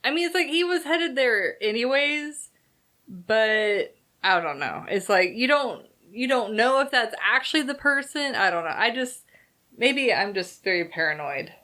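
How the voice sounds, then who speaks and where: A woman's voice: on the high side, animated, a little slow, bright, forceful tone. A woman co-hosting a movie review show in casual chat, hesitant and giggly, often hedging.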